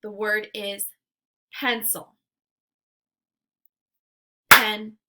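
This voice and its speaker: A woman teacher leading a phonics lesson for young children, patient and deliberate, stretching out sounds and syllables. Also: medium pitch, sharp tone.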